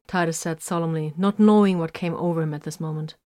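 A woman narrates a military adventure with emphatic bursts and sudden drops to hushed tones. Her voice sits on the lower side for a woman. The recording is dry and close, with no room sound. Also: fairly even intonation, a little fast, few pauses, no echo. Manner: dramatic swings between loud emphasis and hushed lines. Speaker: audiobook narrator. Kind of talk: scripted narration of military science fiction.

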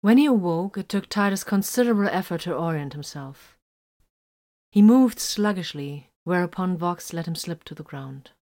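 A woman reading a science-fiction story aloud in an even, measured narration. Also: fairly low pitch. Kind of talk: scripted narration of fan fiction.

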